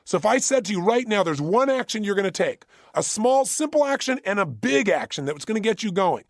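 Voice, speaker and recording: A man's voice: high voice, very animated, a little fast, dry recording, clean studio sound. A man giving a motivational workshop talk, emphatic and punchy, hammering home key phrases by repeating them. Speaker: motivational speaker.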